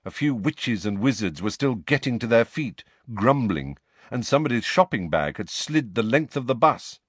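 A man reading a storybook aloud as narrator, with expressive, varied delivery. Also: medium pitch, normal speed, breathy edge, no echo. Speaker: audiobook narrator.

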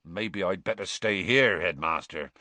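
A man reading aloud and voicing a gruff, hot-tempered giant of a gamekeeper who growls his words bluntly. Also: deep voice, a little slow, bright, forceful tone, dry recording.

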